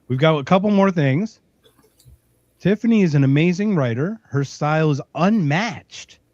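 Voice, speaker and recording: A man's voice: fairly high pitch, animated, moderate pace, a little mellow, dry recording. A man hosting a podcast in casual chat, joking and playful. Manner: joking, playful, fond of doing voices. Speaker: podcast host. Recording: dull, dry recording.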